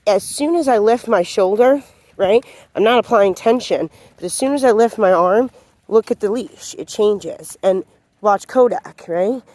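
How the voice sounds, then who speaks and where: Calm woman dog trainer outdoors. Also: measured pace, no echo. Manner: calm, low-key instructive talk with many fillers. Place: outdoors on a road while walking a dog. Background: passing vehicles.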